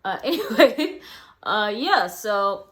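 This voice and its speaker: A woman's voice: medium pitch, big pitch swings, slow pace, a bit bright. A woman casually reviewing a wrestling event for her vlog, rambling a little with lots of ums and small laughs.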